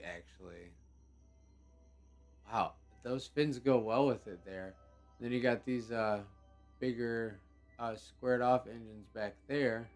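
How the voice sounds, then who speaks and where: A man hosting a live game show stream, talking casually in a relaxed, rambling way with many fillers. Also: medium pitch.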